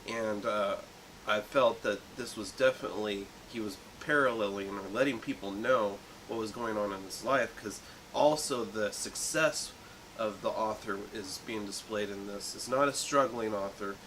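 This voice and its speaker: A man in his late thirties co-hosting a movie review podcast, talking in a thoughtful, rambling way with many pauses. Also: on the low side, a bit bright, slight background noise, low-quality recording. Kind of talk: casual chat.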